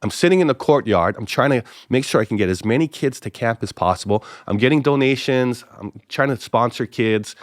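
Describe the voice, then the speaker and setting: A middle-aged male pastor from Hawaii tells a story on a casual storytelling podcast interview, recorded in a clean studio with no echo. He's an animated storyteller who plays both sides of the dialogue, jumping in pitch to switch characters.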